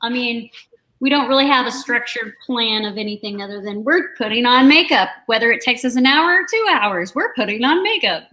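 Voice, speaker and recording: A woman's voice: fairly high pitch, lively intonation, fairly quick, sharp tone, rough recording. A woman hosting a casual makeup livestream, chatting loosely and laughing often. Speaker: host.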